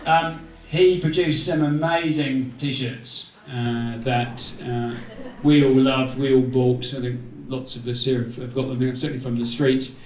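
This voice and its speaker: A man's voice: medium pitch, level tone, measured pace, few pauses, darkish tone, slight background noise. A man gives an informal thank-you speech to a gathering, rambling a little with jokey asides. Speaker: event organiser giving thanks. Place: indoor community room. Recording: roomy hall, voice from far off.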